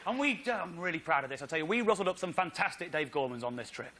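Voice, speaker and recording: A comedian on stage, telling an excitable, indignant comic story with slides. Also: male voice, fairly high pitch, very fast. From Britain. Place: theatre stage.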